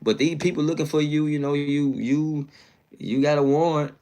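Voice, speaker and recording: A man's voice: fairly high pitch, level tone, normal speed, a little mellow, pitched above the performer's own voice, natural voice. A man voicing an older woman in a retold story who steadily and insistently urges him to turn himself in. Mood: urging. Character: older woman, motherly and firm. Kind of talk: quoted role in a story.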